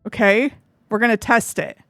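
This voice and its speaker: A woman's voice: medium pitch, expressive, moderate pace, creaky, a bit bright, no room sound, clean studio sound, soft background music. A woman streamer chatting casually and openly, rambling with lots of fillers. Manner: open and emotional. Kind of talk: casual live-stream chat.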